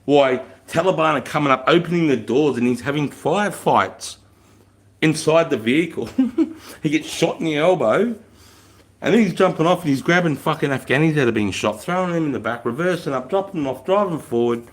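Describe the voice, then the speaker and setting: A man's voice: on the high side, animated, brisk. An Australian man in his forties, a retired soldier hosting a casual livestream, chatting with viewers, swearing freely and laughing often. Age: 40s.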